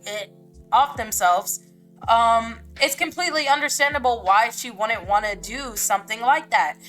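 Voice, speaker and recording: A woman's voice: on the high side, sharp tone. A woman hosting a podcast, giving a casual book reaction in a blunt, slangy, profane way with lots of "like" fillers. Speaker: podcast host.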